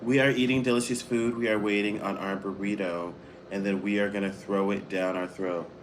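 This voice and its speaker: A man's voice: on the low side, little pitch movement, noisy background. A man in his twenties from Florida, eating on a live stream and chatting with viewers by name between bites. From Florida, United States. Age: 20s. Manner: chatty, reads out viewer names and questions; talks between bites, slow and playful. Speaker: mukbang streamer. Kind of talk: casual live chat while eating.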